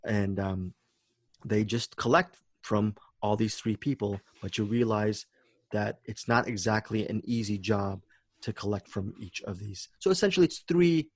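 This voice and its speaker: A man's voice: on the low side, no room sound. A man hosting a podcast in casual chat, enthusiastic and repeating words as he thinks. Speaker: podcast host.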